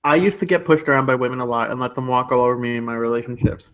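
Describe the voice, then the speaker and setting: A man's voice: mid-range voice, very fast. Laughing, gossipy man in stream chat. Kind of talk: casual chat on a livestream.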